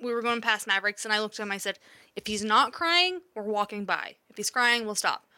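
A woman's voice: medium pitch, a little fast, bright, forceful tone. A woman in her thirties, a mother, candidly telling a story in casual chat, swearing now and then and laughing along the way.

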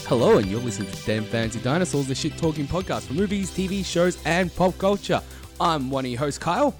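A man's voice: a little high, expressive, brisk, music in the background. An Australian man co-hosting a podcast in a studio, bantering with jokes and swearing. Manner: joking, profane banter. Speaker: podcast co-host. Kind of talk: casual chat.

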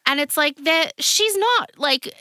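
A woman co-hosting a podcast, chatting in an animated way with lots of fillers. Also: sits high, a little slow, dry recording, studio quality. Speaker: podcast co-host. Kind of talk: casual chat.

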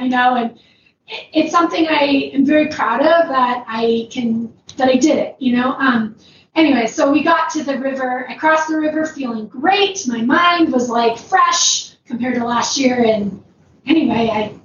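High-voiced woman rambling through a story. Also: moderate pace. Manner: rambling, many "like"s, laughs often. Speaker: ultrarunner guest. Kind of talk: casual storytelling. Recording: roomy, distant, dull, noisy background.

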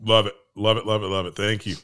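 Man, low voice, casual podcast co-host, short interjections. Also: little pitch movement, pushed and bright, clear, resonant tone. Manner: quick reactive interjections, laughs along. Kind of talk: casual chat.

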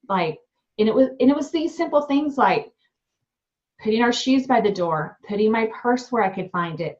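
A young woman, a restaurant owner and new mom, telling her story in an interview in a candid, animated way with many fillers. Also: mid-range voice. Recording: dull lo-fi sound.

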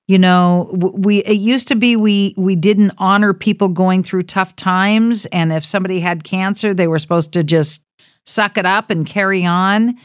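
A woman hosting a call-in radio show, speaking gently and consolingly to callers, calling them honey. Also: mid-range voice, steady tone, moderate pace, dry recording, studio quality. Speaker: radio host.

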